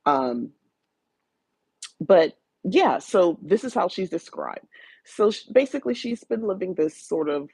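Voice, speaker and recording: Woman, podcast host, rambling book review chat, fry in the voice. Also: fairly low pitch, sing-song, measured pace, long pauses, a little mellow, dry recording. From South New Jersey, USA. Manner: chatty, rambling, frequent restarts and fillers; greets live viewers by name.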